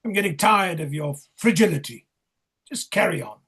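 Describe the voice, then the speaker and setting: A man's voice: a little high, animated, normal speed, a bit bright, breathy edge, heavily acted. A man playing a sardonic, domineering clown interrogator in a rehearsal over a video call, curt and bossy. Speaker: actor in rehearsal.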